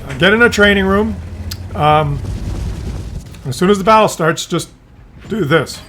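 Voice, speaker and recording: A man's voice: high voice, lively intonation, measured pace, a bit bright, slight background noise. A man giving casual gameplay commentary, rambling and joking as he drifts off topic. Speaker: gaming commentator.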